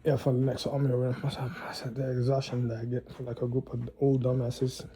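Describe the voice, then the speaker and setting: A man rambling in a solo monologue, profane and halting, often repeating and restarting words, with low muttering and sighs. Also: completely flat delivery, mellow, slight background noise, poor audio.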